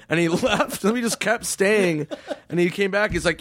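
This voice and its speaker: A man's voice: high-pitched, animated, a little fast, fairly bright tone, no echo. A man, a comedian guest, telling stories in casual chat, acting out quoted voices and laughing as he swears.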